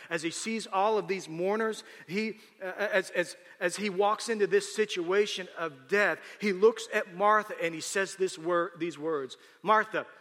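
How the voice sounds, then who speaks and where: A man's voice: fairly high pitch, bright, forceful tone. A man preaching a sermon, retelling a scripture story and then building emphasis as he explains it to the congregation. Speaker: pastor. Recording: long hall reverb.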